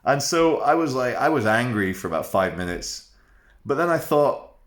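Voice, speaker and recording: A man's voice: mid-range voice, sing-song, moderate pace. A man in his thirties telling a personal story to camera in a chatty, rambling, frank way, with fillers and restarts. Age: 30s. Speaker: vlogger.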